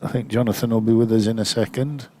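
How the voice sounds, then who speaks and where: Older male summariser, mid-pitched, meandering anecdotes. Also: steady tone, quick pace, mellow, slight background noise. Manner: rambling, anecdotal, many fillers. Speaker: former player and summariser. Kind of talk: reminiscing commentary chat.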